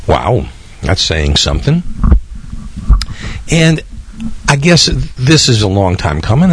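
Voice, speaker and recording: A man's voice: fairly low pitch, breathy edge, no room sound. A man, hosting a podcast in a rambling, chatty way with small laughs. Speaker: podcast host. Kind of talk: casual radio-style podcast hosting.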